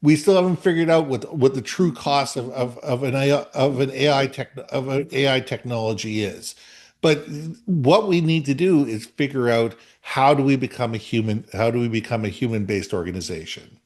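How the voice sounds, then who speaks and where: A man's voice: medium pitch, moderate pace, darkish tone. A man co-hosting a business podcast in casual conversation, speaking earnestly and often repeating words as he thinks. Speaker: podcast co-host.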